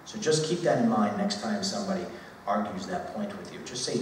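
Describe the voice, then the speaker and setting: A deep-voiced man in his forties speaks fast in an emphatic, conversational public speech at a university lecture hall, repeating words for stress. The hall is echoey, his voice sounds distant, and there is slight background noise.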